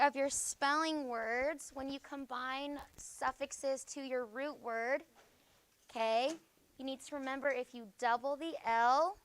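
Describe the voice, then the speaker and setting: A young woman teaching a school class, reviewing vocabulary briskly and checking in with "okay?" after nearly every point. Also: high voice, fairly bright tone, clear, resonant tone. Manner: brisk, peppers talk with "okay?".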